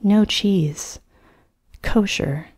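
A woman voicing a curt, unbending diner waitress who answers in flat, clipped words, in an audiobook reading. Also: medium pitch, extremely slow, breathy edge, pitched above the performer's own voice.

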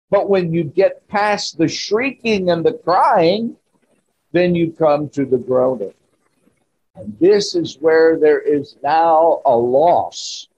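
Slow, husky-voiced preacher man. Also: on the high side, darkish tone, lo-fi sound. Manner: slow, emphatic preaching with rising exclamations. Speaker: pastor. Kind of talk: sermon. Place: church.

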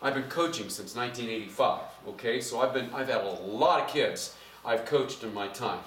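A middle-aged man preaching a sermon as pastor, conversational and animated, getting louder as he drives his points home. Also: mid-range voice, normal speed, slight background noise. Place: church sanctuary. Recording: echoey church from a distance.

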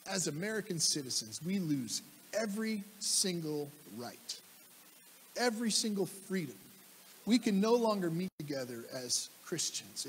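A man's voice: high-pitched, in a large hall, slight background noise. A man preaching a sermon as pastor, emphatic, repeating key phrases and putting questions to the congregation. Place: church sanctuary.

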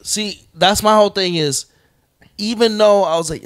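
A man joining a casual podcast chat, bantering and reacting with quick comments. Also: sits high, fairly bright tone, smooth.

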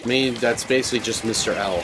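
A man's voice: medium pitch, quick pace, over music. A man co-hosting a let's play, chatting casually and rambling through stories while he plays. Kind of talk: casual gaming commentary.

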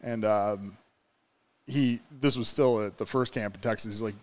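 A man's voice: lowish voice, moderate pace, a little mellow. A man from New York State, a podcast guest, telling stories in casual chat, rambling with lots of fillers.

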